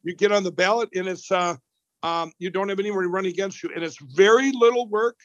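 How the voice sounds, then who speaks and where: A man's voice: high voice, steady tone, fairly quick, no echo, lo-fi sound. A man, a company boss interviewed as a guest, talking in a rambling way with many restarts and repeated words. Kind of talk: animated call-in interview.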